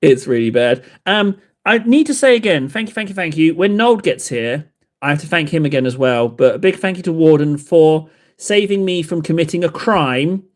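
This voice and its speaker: Guy rambling at his painting desk, bit out of breath, voice bouncing all over, kinda high. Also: normal speed. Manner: self-mocking, rambling, animated. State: slightly out of breath. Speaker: livestream host. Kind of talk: casual chat while painting miniatures. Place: hobby desk indoors.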